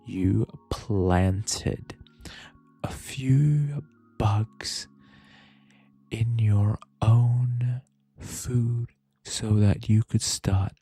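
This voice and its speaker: A man's voice: sits low, creaky, a little mellow, slightly rough, no echo, exaggerated voice. A man voicing a vindictive, menacing school principal in a scary little whispered growl, a whispered role-play.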